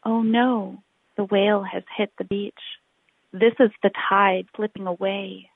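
Slow, tinny storybook reading by a woman. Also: mid-range voice, creaky, no room sound. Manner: expressive, rhythmic read-aloud with drawn-out phrases. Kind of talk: reading a children's picture book aloud. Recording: tinny phone-like recording.

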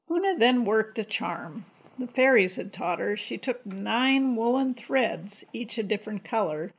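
Female storybook narrator, measured and expressive, rough husky grain. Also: a little high, rough recording.

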